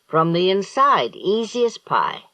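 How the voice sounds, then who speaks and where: A man's voice: high voice, very animated, a little slow, sharp tone, no room sound, pitched above the performer's own voice, heavily acted. A man reading an audiobook, voicing an anxious, stubborn brother who talks tensely.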